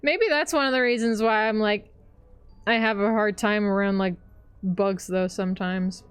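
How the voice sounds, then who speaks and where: A young adult woman chats casually while streaming a game, rambling with many fillers and laughing often. Her voice is medium-pitched, steady, clear and resonant, at a moderate pace, in a dry recording.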